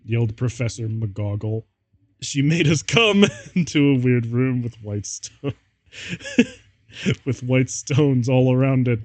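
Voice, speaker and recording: A male streamer reads fan fiction aloud at an unhurried pace, breaking into laughter again and again. His voice is mid-pitched and sits close and dry, with no room sound around it. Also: darkish tone, dry recording. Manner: amused, laughs often while reading.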